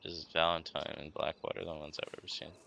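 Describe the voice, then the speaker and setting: A man chatting casually in a roleplay game, tossing in quick offhand remarks. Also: extremely low pitch, level tone, gravelly, pushed and bright, a little hiss or hum. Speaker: fellow roleplay player.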